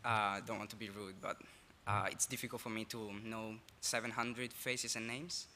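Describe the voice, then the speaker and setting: A teenage exchange student from Italy with an Italian accent, giving a halting, apologetic speech at a school assembly. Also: male voice, lowish voice, flat delivery, bright, forceful tone, a little hiss or hum. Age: teens. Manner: nervous, halting, apologetic with laughs. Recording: reverberant hall, faint ambience.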